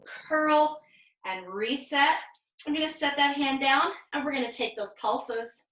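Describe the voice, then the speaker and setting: A woman leading a pilates class over a video call, giving calm step-by-step cues and counting reps. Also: high voice, unhurried, reverberant, poor audio. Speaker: pilates instructor. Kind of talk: guided exercise class cues.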